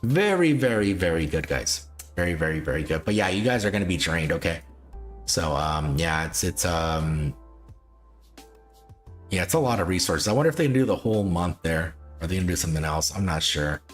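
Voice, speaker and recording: Low-voiced man rambling through a livestream. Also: lively intonation, a little fast, faint music behind. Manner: rambling and repetitive, frequent chuckles. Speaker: livestream host. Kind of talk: casual livestream commentary.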